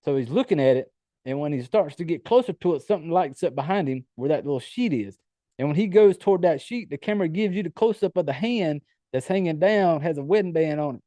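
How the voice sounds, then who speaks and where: A man's voice: on the high side, expressive, fast talker, mellow, dry recording. A man casually recapping a horror film on his podcast, swearing freely and stumbling through fillers as he retells scenes. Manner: loose, profane storytelling with many fillers. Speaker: podcast host. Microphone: home computer setup.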